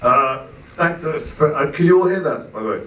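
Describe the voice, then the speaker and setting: A man on a film panel answering audience questions in articulate, measured explanations. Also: on the high side, lively intonation, crowd noise. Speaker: voice actor on a panel. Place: screening venue. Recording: echoey hall, distant mic.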